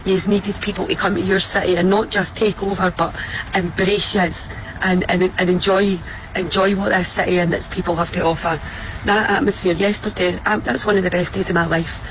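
A Scottish woman giving a heartfelt, grateful message to a city, speaking with emotion and halting restarts. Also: medium pitch, flat delivery, slight background noise, low-quality recording. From Scotland. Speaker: visitor addressing a city. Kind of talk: heartfelt address to the public.

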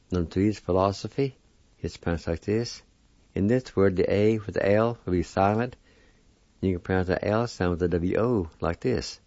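Male language teacher, very low and mellow voice, slow deliberate syllable-by-syllable delivery, dry dull lo-fi recording. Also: gravelly, no echo. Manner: deliberate, spells and sounds out each syllable.

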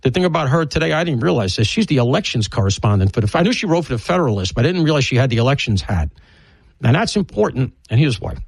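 A man's voice: medium pitch, sing-song, fast talker, gravelly, breathy edge, no room sound, poor audio. A man hosting a radio talk show, rambling bluntly through an opinionated monologue and previewing guests. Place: broadcast studio.

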